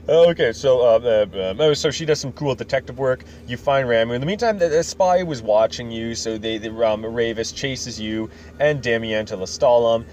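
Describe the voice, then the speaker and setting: A man's voice: mid-range voice, moderate pace, a little mellow, muffled recording, slight background noise. A man hosting a podcast, casually retelling a game's story in a rambling, joking way with lots of fillers. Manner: rambling and joking, many fillers, acts out quotes. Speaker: podcast host. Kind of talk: casual recap of a video game story.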